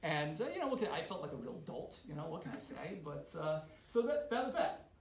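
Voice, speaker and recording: A man telling a funny family story to a club audience, animated and halting, with many restarts. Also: on the high side. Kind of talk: casual spoken storytelling. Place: meeting room. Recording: roomy hall sound, faint noise.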